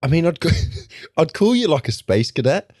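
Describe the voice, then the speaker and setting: A man's voice: fairly high pitch, big pitch swings, normal speed, darkish tone, no room sound, studio quality. A man guesting on a podcast, bantering and teasing his friend between laughs. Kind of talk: casual chat.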